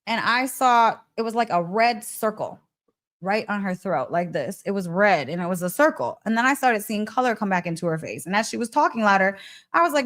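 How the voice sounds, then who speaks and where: A woman hosting a podcast, telling a story in an excitable, emphatic way, repeating phrases and laughing often. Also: mid-range voice, fairly quick. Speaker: podcast host. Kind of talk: animated storytelling monologue.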